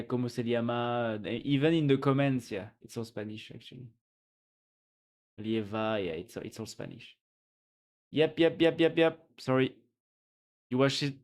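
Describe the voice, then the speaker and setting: A man from France with a French accent, streaming and chatting casually in English, playful and quick to laugh, often trailing off and restarting. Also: medium pitch. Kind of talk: casual live-stream chat.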